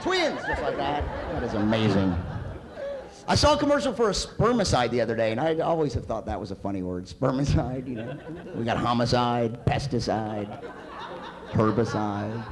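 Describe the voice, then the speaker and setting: A male comedian performing a stand-up set live on a community center stage, with a dry, wry delivery. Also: mid-range voice.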